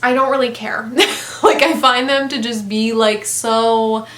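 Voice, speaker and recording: A woman's voice: fairly high pitch, fairly even intonation, a little slow, a bit bright, reverberant. A woman chatting casually about books she disliked, blunt and rambling, with lots of fillers and some swearing. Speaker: book vlogger. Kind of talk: casual book review chat.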